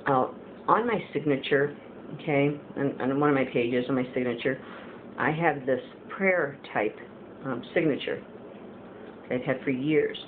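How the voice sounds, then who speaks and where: A woman's voice: extremely low pitch, unhurried. A woman giving a casual spiritual testimony, rambling and earnest with many fillers, as a Christian video blogger. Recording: tinny phone-like audio with faint hiss.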